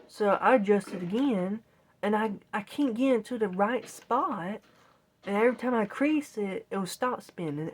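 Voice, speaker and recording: A woman telling a long casual story, rambling and exasperated, quoting her own reactions. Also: medium pitch. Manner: rambling, exasperated retelling with quoted self-talk. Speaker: vlogger. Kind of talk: casual storytelling while gaming.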